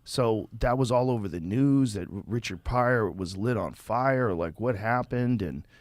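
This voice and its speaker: A man hosting a podcast, telling stories in a casual, profane, animated way. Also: lowish voice, measured pace, dry recording, clean studio sound. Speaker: podcast host.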